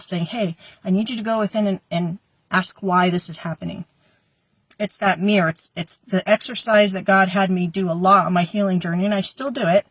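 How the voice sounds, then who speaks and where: A woman's voice: mid-range voice, dry recording. A woman hosting a casual spiritual guidance talk, chatty and prone to tangents. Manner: chatty, tangents, laughs easily.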